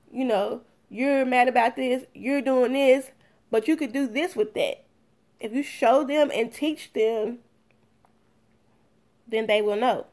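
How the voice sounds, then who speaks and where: A woman talking casually to her viewers and giving advice, earnest and repetitive, often calling them "you guys.". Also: on the high side. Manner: acts out heated and calm exchanges. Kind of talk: casual talk to camera.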